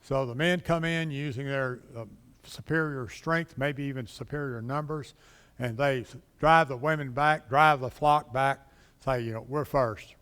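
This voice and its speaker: A smooth, slightly bright male voice at medium pitch and normal speed leads a casual Bible class in a church classroom with long hall reverb. He's conversational, asks the class questions, and acts out quotes.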